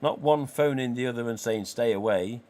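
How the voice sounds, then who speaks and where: An English-accented man in his forties, from England, speaks at a moderate pace in a darkish, medium-pitched voice. He's hosting a relaxed live stream, cursing liberally and acting out any dialogue he quotes.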